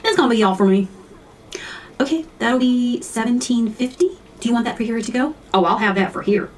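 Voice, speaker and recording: A woman's voice: fairly high pitch, expressive, fairly quick, far from the mic, a little hiss or hum, pitched above the performer's own voice, natural voice. A woman acting out indecisive coffee-shop customers and a barista in a comedy sketch, ordering with lots of hesitant fillers. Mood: eager.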